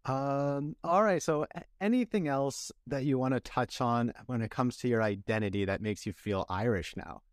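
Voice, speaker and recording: A man's voice: medium pitch, normal speed, hardly any pauses, dry recording, studio quality. A man from Belgium hosting a podcast, asking friendly, curious questions and laughing easily. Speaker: podcast host. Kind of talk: casual podcast interview.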